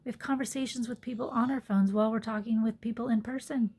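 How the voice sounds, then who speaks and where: A woman's voice: on the high side, fairly even intonation, quick pace, breathy edge. A woman yoga teacher talking earnestly into her phone in a reflective personal monologue, sometimes dropping to a whisper. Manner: earnest, soft-spoken, drops to whispered asides.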